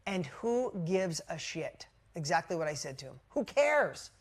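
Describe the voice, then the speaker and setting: Female coach, live motivational talk, blunt and high-energy, salty language. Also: unhurried. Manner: energetic, blunt, swears casually. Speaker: business coach. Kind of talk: motivational storytelling to a live group.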